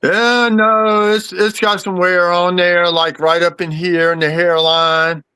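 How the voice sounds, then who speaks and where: High-voiced chatty man on a call. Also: level tone, measured pace, sharp tone, clean tone. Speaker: coin collector guest. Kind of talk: casual livestream chat.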